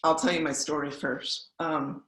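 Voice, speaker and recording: A woman's voice: low voice, level tone, unhurried, a bit bright. Woman telling her story in an echoey room. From Wisconsin, US Midwest. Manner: candid, conversational storytelling with fillers. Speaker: guest speaker. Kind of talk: personal storytelling talk. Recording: roomy echo.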